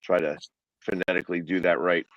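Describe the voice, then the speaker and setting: A man's voice: low-pitched, level tone, fairly quick, no room sound, highs cut off. Philly-accented man talking football. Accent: Philadelphia. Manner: rambling, many restarts and fillers. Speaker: sports show host. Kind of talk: casual sports talk.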